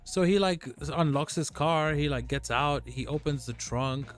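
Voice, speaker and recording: A man hosting a livestream, telling a story in a rambling, animated way full of "like" and "dude". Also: a little high, unhurried, faint music behind. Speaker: livestream host.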